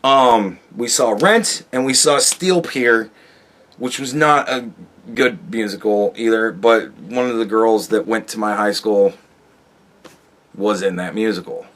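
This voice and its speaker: A man's voice: fairly low pitch, a little slow. Rambling, profane man ranting. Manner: rambling, profane, self-interrupting, swings from loud outbursts to mutters. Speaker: podcast host. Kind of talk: casual monologue.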